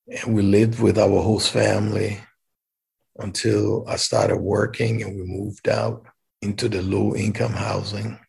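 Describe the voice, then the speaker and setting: Guy telling a personal story, super husky and gravelly, really animated. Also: on the low side. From Liberia. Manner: animated, acts out dialogue.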